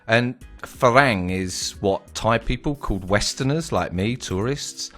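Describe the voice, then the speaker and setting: A man's voice: medium pitch, measured pace, hardly any pauses, soft background music. A man telling a casual, slangy story from his travels on his vlog. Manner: animated, slangy, swearing storyteller.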